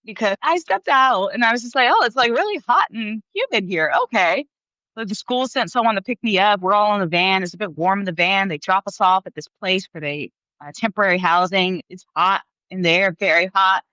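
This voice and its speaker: A woman in her thirties tells her story as a podcast guest, laughing often and acting out the voices of others. Her tone is bright and forceful. The sound is dry and a little dull, as if on a modest mic. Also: medium pitch, a little fast, few pauses, no echo. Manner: animated, laughs often, acts out quoted voices. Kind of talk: storytelling in an interview.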